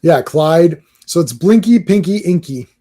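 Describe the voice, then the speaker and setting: Man, podcast co-host, casual chat, mellow tone, animated, mocking put-on voices. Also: fairly high pitch, a little slow. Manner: animated, mimics fans in mocking quoted voices.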